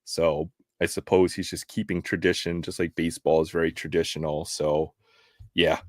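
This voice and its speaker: A man's voice: deep voice, dry recording, clean studio sound. A man hosting a live stream, chatting casually, often laughing. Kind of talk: casual chat.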